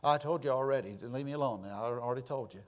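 A man voicing a busy preacher father in a sermon story, curtly turning down his daughter in a lower, quieter voice. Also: fast, lightly acted. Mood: dismissive. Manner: dismissive, curt.

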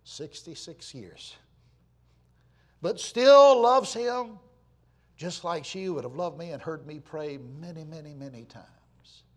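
A man, preaching in a folksy storytelling way, repeating words for weight and swinging from loud to hushed. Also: a little high, moderate pace, husky. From Florida, USA. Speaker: pastor. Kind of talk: storytelling sermon.

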